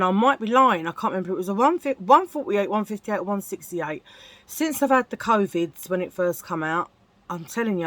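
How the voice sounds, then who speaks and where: A woman's voice: on the low side, fairly bright tone. A woman chatting casually as a beauty vlogger, self-mocking and laughing at her own corny jokes. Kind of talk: casual get-ready-with-me chat.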